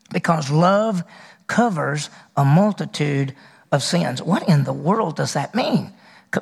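High-voiced gravelly preacher in a hall. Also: male voice. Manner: conversational preaching, asks the congregation questions. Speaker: pastor. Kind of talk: sermon.

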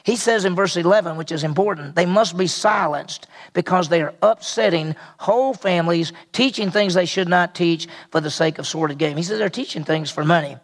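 Gravelly-voiced male pastor preaching. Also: high-pitched. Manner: expository preaching, unhurried and emphatic with repetition. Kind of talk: sermon.

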